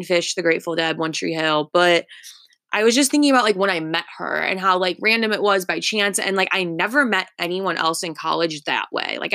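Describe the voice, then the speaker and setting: Chatty young woman podcaster, bright voice. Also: fairly low pitch, no echo, clean studio sound. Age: 20s. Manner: chatty, full of "like" fillers. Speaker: podcast host. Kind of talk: casual storytelling monologue.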